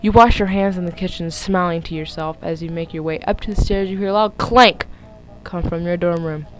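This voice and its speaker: A young woman with a lowish, steady voice reads fan fiction aloud into her phone, fairly quickly and casually. Giggly and rambling, she keeps interrupting herself to comment, against soft music in poor-quality audio.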